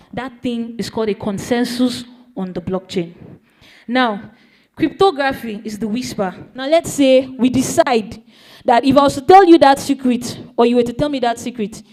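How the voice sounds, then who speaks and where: A woman's voice: on the high side, a little mellow. A woman explaining a topic to a young audience in a playful way, often asking them questions. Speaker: speaker teaching young people. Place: event hall.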